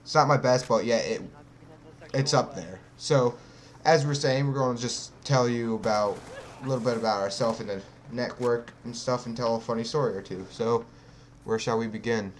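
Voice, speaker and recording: A man's voice: medium pitch, normal speed, slight background noise. A teenage boy casually commentating his own gameplay in a laid-back, slightly awkward way. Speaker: channel director and gameplay commentator.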